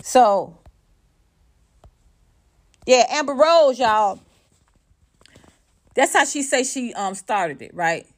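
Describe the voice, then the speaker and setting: A woman's voice: a little high, expressive, extremely slow, pauses often. A woman commentator on a livestream, ranting in a blunt, profane, emphatic way and talking straight to her viewers and chat. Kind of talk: unscripted livestream rant.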